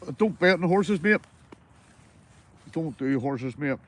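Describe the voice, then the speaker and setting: A man's voice: on the high side, animated, slow pace. A Northern Irish man chatting casually to livestream viewers while fishing, easygoing and full of banter, swearing freely and calling everyone mate. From Northern Ireland. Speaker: livestreaming angler.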